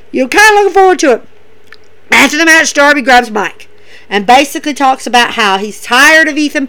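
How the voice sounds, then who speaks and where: A woman hosting a wrestling show, recapping matches in an excitable, rambling way with lots of fillers. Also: sits high, poor audio. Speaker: wrestling podcast host. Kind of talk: casual recap and commentary.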